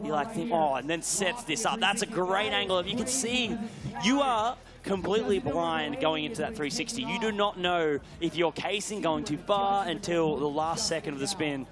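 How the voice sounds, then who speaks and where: A man giving live sports commentary, excitable and bursting into shouts when something big happens. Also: a little high, a little slow, music in the background.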